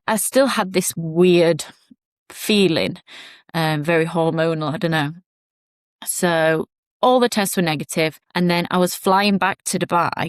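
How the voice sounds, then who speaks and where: A woman's voice: on the low side, no echo, studio quality. A young woman podcast host telling a personal story in a chatty, rambling way with asides.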